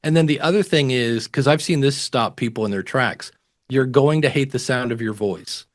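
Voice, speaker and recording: Man giving lively podcasting advice. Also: mid-range voice, normal speed. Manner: animated, acts out quotes of other people. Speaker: podcasting guest expert. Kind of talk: casual interview advice.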